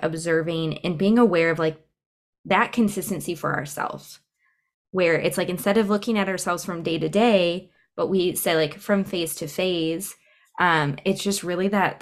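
A woman speaking as a podcast guest, talking things through in a reflective, conversational way with frequent fillers. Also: on the low side. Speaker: podcast guest, cycle syncing coach. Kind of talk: casual interview conversation.

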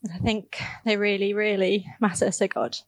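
A woman speaks to her church about her youth ministry work. She tells stories in a casual, earnest way, with quick laughs and lots of "like". Her voice is mid-pitched and recorded dry and close. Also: fairly even intonation, dry recording. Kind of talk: church talk, personal storytelling.

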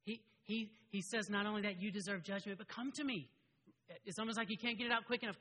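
A middle-aged man preaching a sermon as a pastor, conversational and animated, often restarting his sentences. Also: high-pitched, fast talker. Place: church sanctuary. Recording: long reverb of a large hall.

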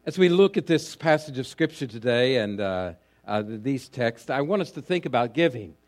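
A man preaching a sermon, reading scripture and then telling a long story in an unhurried way, often pausing on fillers and restarts, his voice trailing low at the ends of phrases. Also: animated, a little mellow. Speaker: pastor.

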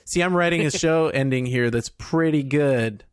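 A man's voice: fairly high pitch, normal speed, smooth, no room sound, clean studio sound. A man co-hosting a podcast in casual chat, joking, laughing often and acting out lines. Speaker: podcast co-host.

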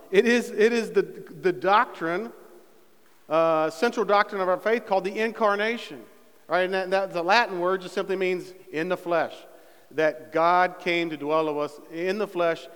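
A man's voice: on the high side, fairly bright tone, smooth. A man preaching a sermon as pastor, talking casually with fillers and building to fervent emphasis. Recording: long reverb in a church hall.

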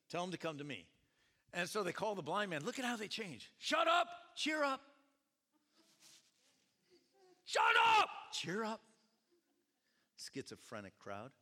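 A male pastor delivers a lively, storytelling sermon, often jumping into loud acted quotes. His voice is bright and sits a little high, with a lively pitch. A long hall reverb trails every phrase. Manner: animated storytelling, jumps into shouted quotes. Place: church sanctuary.

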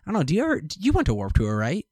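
A man's voice: on the high side, rapid-fire. Rambling man on a podcast. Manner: rambling, animated, self-correcting. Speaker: podcast host. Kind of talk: casual chat.

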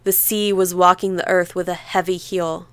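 A woman narrating a novel in a measured, vivid literary reading into a close studio mic. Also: lowish voice, flat delivery, fairly bright tone, smooth, no echo. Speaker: audiobook narrator. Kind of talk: scripted narration.

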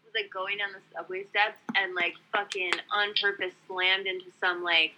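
A woman's voice: mid-range voice, flat delivery, moderate pace, background noise. A woman from New York in casual chat, blunt, profane and exasperated.

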